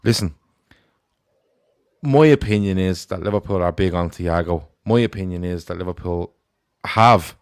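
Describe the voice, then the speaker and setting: A blunt co-host gives his opinions in a casual podcast chat, swearing as he goes. His voice is low and the sound is dry and close-miked. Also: normal speed, pauses often, clean tone, no room sound.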